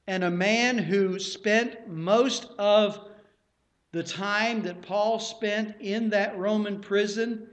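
A man preaching a sermon in a plain, earnest teaching manner, often repeating himself. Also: high-pitched.

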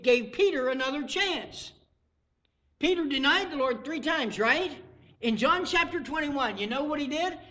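Bright-voiced preacher man, high and ringing. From American South. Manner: dramatic preaching, swinging from loud outbursts to hushed asides. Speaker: pastor. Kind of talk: sermon.

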